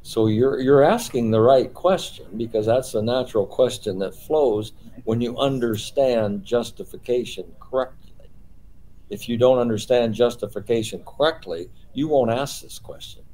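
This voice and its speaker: A man's voice: medium pitch, moderate pace, dark tone, rough recording. A man leading a small-group Bible study, explaining patiently and posing rhetorical questions.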